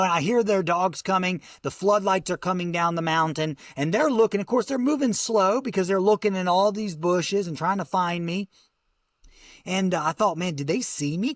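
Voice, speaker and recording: A male guest telling a survival story vividly, his voice dropping low and soft at the emotional moments. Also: no room sound, clean studio sound.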